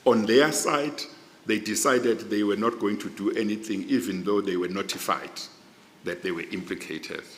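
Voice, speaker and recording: Middle-aged South African man, interviewee, measured and lowish, in a roomy hall. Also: a bit bright, slight background noise. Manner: slow, measured, deliberate explanations. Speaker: judicial candidate being interviewed. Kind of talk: formal panel interview. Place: large hearing room. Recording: echoey hall, long reverb.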